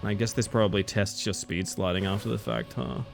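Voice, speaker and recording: A fairly low-pitched Australian man streams a game with brisk, fairly even intonation and vocal fry, faint music playing behind him. He chats casually, swears, and chants silly words during play.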